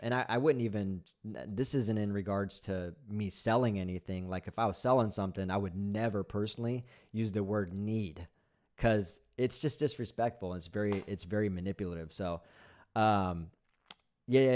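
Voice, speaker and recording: A man's voice: fairly low pitch, normal speed, a little mellow. A man hosting a casual live stream, bluntly critiquing sayings and answering chat comments, repeating himself with many fillers and restarts. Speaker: livestream host.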